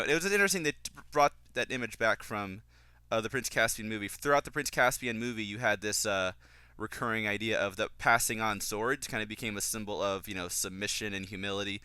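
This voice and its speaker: A man giving casual fan commentary on a film, opinionated and quick to get exasperated. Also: lowish voice, bright, forceful tone, smooth, dry recording. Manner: opinionated, flares into exasperated ranting.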